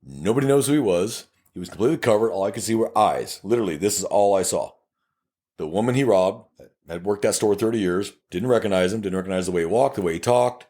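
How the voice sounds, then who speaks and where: A male police investigator with a lowish voice talks a little quickly while co-hosting a casual podcast. He tells blunt, plainspoken work stories, animatedly acting out the back-and-forth exchanges and cursing now and then.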